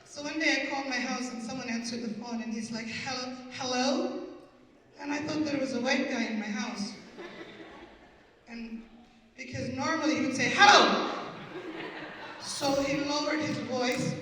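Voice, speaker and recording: A woman's voice: high-pitched, normal speed, fairly bright tone, slight background noise. A woman in her fifties doing live stand-up storytelling, with a wry, punchy delivery full of wordplay. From Canada. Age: 50s. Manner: wry, punchy, plays with words and accents. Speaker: stand-up comedian. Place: community event hall. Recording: echoey hall from far off.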